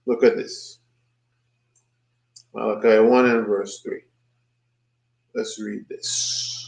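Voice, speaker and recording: A man teaching a bible study, commenting on a played video in an emphatic, mocking preaching manner that repeats points with rising pitch. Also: little pitch movement, slow pace, gravelly, roomy sound, poor audio.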